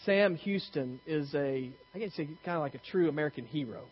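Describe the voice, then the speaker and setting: A man preaches to his congregation in an easy, talkative way, poking fun at himself and stumbling over restarts as he tells stories. His voice sits a little high. The recording sounds dull and lo-fi. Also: moderate pace, breathy edge. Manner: conversational, self-deprecating storytelling with frequent restarts. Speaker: pastor. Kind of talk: sermon.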